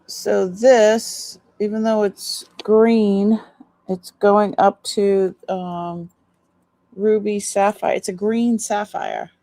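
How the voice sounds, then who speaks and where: A woman's voice: mid-range voice, fairly even intonation, extremely slow, vocal fry, mellow, dry recording. A sleepy woman chatting casually on a live stream as she shows off jewelry, rambling and trailing off with fillers. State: sleepy, yawning.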